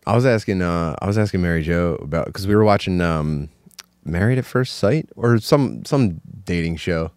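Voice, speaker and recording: A man's voice: low voice, expressive, moderate pace, a little mellow, no echo. A man co-hosting a podcast in casual chat, rambling and full of filler words and restarts. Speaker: podcast co-host.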